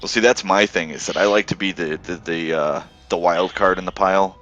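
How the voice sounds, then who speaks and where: A man's voice: a little fast, a bit bright, muffled recording, soft background music. A man chatting casually on a gaming stream, reflective and profane. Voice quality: profane, reflective, quotes others in high mocking voices. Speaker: gamer on a voice chat stream. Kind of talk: casual chat about a space game.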